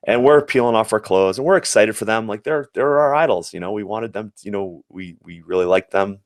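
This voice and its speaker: A fairly low male voice moves a little fast, recorded cleanly in a dry studio. The speaker is an American ex-Olympic athlete in his forties who recounts reflective, earnest anecdotes in an interview and keeps restarting his sentences.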